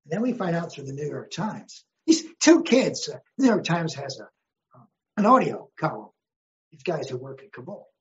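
In a conversational interview, a man who teaches history talks at a moderate pace in a slightly high, very animated voice. He's emphatic and wry, often posing rhetorical questions, and the sound is lo-fi.

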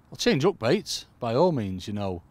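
A man giving a casual fishing tutorial outdoors at a lakeside, chatting away and calling his listeners "folks". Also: medium pitch. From United Kingdom. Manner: chatty, keeps addressing "folks". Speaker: angling coach. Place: lakeside outdoors in cold weather.

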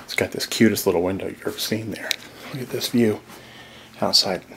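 A gravelly man with a fairly low pitch and steady tone talks briskly against background noise. As a real estate vlogger, he walks the viewer past a creek and into a log cabin, chatty and enthusiastic, going to soft whispers once indoors.

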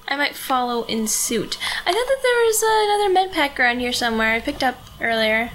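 A woman playing a console game at home and chatting casually with friends, giggling, swearing and reading mission text haltingly. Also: high voice, very animated. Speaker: gamer playing on the channel. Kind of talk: casual let's-play chat with friends. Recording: noisy home recording.

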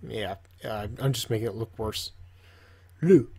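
A man's voice: fairly low pitch, moderate pace, creaky, warm tone, slightly rough. A man casually teaching, joking and talking to himself while he draws. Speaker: language teacher. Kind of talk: casual tutorial while drawing.

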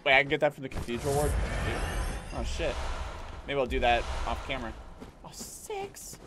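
A man streaming a video game, reacting loudly and swearing at enemies while he plays. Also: mid-range voice, fast talker, background noise. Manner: excitable, swears and shouts at enemies. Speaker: gaming streamer. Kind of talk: live gameplay commentary.

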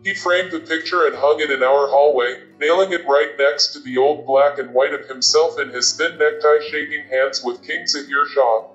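A man reading a novel aloud as an audiobook narrator, with a steady, even storytelling delivery. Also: fairly high pitch, normal speed, hardly any pauses. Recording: roomy, dull lo-fi sound. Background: faint guitar music.

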